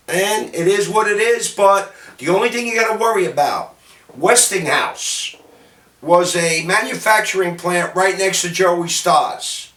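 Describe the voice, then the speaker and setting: A man from City, telling salty anecdotes about his bartending days in a lively, gesturing way. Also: sits high. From Jersey City, New Jersey, US. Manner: animated, gestures while talking, salty. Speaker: storyteller, former bartender. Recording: roomy sound from a distant mic.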